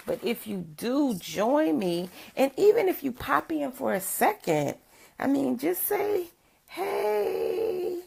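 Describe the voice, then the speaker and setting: An older woman giving a casual livestream chat as a motivational speaker, with a rough morning voice. She is chatty, greets viewers by name and laughs often. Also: sits high, very animated, a little slow, darkish tone.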